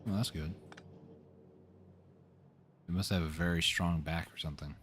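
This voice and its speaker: Very deep-voiced laid-back male gamer. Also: steady tone, moderate pace, a bit bright, slight background noise. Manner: laid-back, teasing, joking. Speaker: let's play host. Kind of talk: casual co-op gameplay chat.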